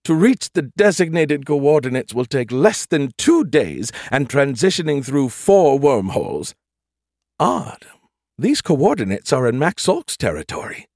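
A man voicing a polite, motherly female ship AI who gently teases and calls people dear. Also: mid-range voice, big pitch swings, a little slow, dry recording, clean studio sound, pitched above the performer's own voice. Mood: prim and polite.

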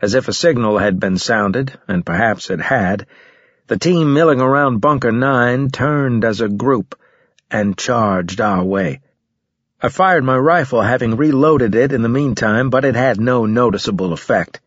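A man reading a first-person story aloud in a steady, measured way with grim weight. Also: medium pitch, breathy edge, no echo, muffled recording. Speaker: audiobook narrator. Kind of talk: first-person scripted narration.

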